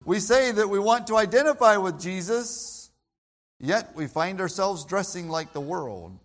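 A man preaching a sermon with a high-pitched voice. He speaks emphatically and repeats himself, often restarting phrases as he drives each point home. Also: animated, measured pace. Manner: emphatic, repetitive, with frequent restarts.

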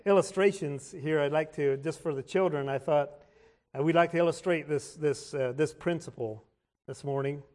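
A man preaching a sermon in a church service, often restarting and repeating his words and clearing his throat. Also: on the high side, normal speed, a little mellow.

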